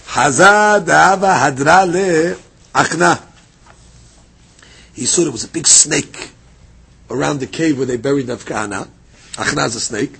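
Man, Talmud teacher, gravelly fry, very husky tone, lively storyteller. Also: fairly high pitch. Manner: lively storytelling, reads Aramaic then explains in English. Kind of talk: daily Talmud class, reading and explaining.

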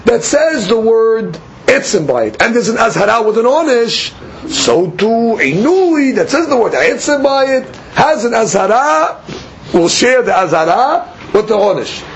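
Unhurried and sing-song, with a creaky quality to his notably high, light voice, a male teacher leads a study class. He patiently works through the material by asking and answering his own questions. A soft ambient hum runs underneath.

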